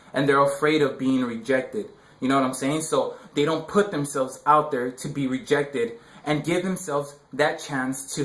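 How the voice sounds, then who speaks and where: A man's voice: on the high side, fairly bright tone. A young man giving casual dating advice in a rambling, slangy way, full of "like" and "you know". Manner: rambling, filler-heavy slang. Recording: roomy echo.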